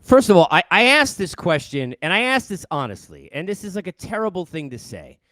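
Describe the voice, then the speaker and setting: Animated middle-aged man ranting on sports. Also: sits high, a little fast, dry recording. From New York. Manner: animated, exasperated, rhetorical questions. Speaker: sports radio host. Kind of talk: casual ranting commentary. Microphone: headset.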